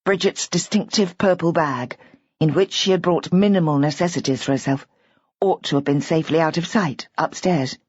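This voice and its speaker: A woman narrating a mystery audiobook in a measured, even way. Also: low voice, breathy edge, no echo. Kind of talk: scripted narration. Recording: dull, lo-fi audiobook recording.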